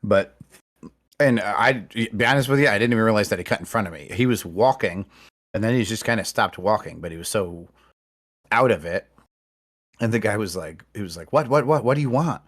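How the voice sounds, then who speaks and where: A man's voice: on the low side, brisk, fairly bright tone. A man hosting a podcast, telling stories in casual chat and swearing freely. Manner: storytelling with heavy profanity. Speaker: podcast host.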